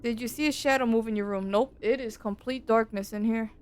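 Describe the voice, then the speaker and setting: A woman streaming a game and chatting casually, telling stories in an animated, slangy way from a dark room at home into a desk mic. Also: on the high side, a little fast, a little hiss or hum. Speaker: VTuber streamer.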